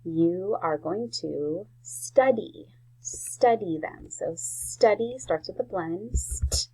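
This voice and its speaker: Gravelly-voiced woman teaching spelling. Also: lowish voice, animated, warm tone, slight background noise, low-quality recording. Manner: slow, clear sounding-out of words. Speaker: first grade teacher. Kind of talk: spelling lesson for young children.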